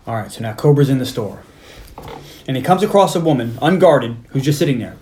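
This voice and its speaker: A man's voice: medium pitch, quick pace, a little mellow, slight background noise. Man casually recapping a movie on a podcast. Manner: retells scenes, acting out quoted lines. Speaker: podcast co-host.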